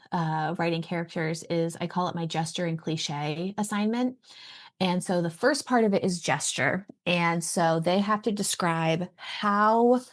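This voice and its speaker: Low-voiced woman writer chatting casually, thinks out loud, kinda trails off. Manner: thoughtful, trails off and restarts while thinking. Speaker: writer and writing teacher. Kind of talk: casual podcast chat.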